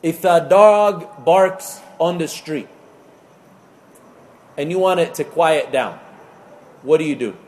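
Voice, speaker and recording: A man preaching a sermon to a live audience, telling stories with acted-out voices and reciting Quranic Arabic rapidly. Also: on the high side. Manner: animated storytelling with acted-out voices. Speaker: imam.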